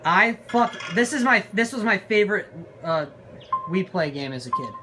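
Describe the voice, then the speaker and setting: A young adult with a nearly lost, hoarse voice gives excitable let's-play commentary, swearing loudly at the game. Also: mid-range voice, normal speed, background noise. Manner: loud outbursts and heavy swearing at the game. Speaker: gaming channel host. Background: game music.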